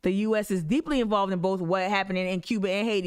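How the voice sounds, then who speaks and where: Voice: mid-range voice, quick pace, few pauses, clean tone, no room sound, clean studio sound. An activist commentator, reacting to news clips in emphatic casual talk, often restarting sentences. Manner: emphatic, with many restarts and asides.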